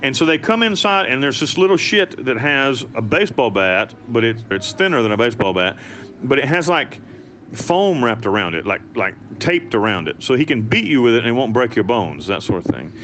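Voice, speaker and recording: A man's voice: medium pitch, big pitch swings, brisk, fairly bright tone, slight background noise. A man from the United States telling his story as an interview guest, blunt and profane, rambling with restarts. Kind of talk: candid storytelling.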